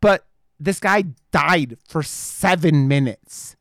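A man's voice: fairly high pitch, slow, fairly bright tone, no echo, clean studio sound. A man in his thirties chatting casually, rambling with lots of fillers and frequent swearing. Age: 30s. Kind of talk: casual chat.

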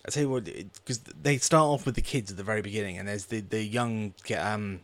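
A man co-hosting a film review podcast, blunt and sweary, with halting restarts. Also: on the low side, no room sound. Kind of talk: casual film review chat.

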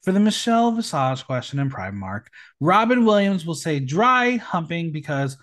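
A man's voice: sits high, sing-song, moderate pace, hardly any pauses, fairly bright tone. A man hosting a recap podcast, reading out the episode with playful asides. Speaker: podcast host. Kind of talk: reality show recap podcast.

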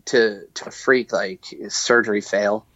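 Man on a podcast, halting emotional talk, lots of restarts, dry slightly dull sound. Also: lowish voice, steady tone, sharp tone, no room sound. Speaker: guest, musician. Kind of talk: candid podcast interview. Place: podcast studio.

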